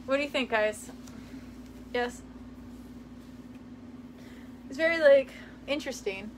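A woman's voice: on the high side, normal speed, pauses often, slight background noise. A young woman from the United States chatting casually with her viewers, rambling and giggling as she sorts through old clothes in her parents' house. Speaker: vlogger. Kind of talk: casual chat reading live comments.

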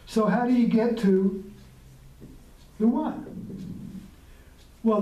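High-voiced man, roomy distant sound. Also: warm tone. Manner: reflective, rambling, chuckles often. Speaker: podcast host. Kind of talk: casual spiritual talk.

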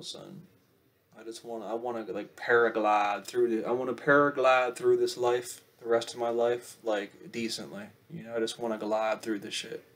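In his profanity-laced vlog, a young man chats loosely to camera, his volume swinging from loud bursts down to quiet mumbling.

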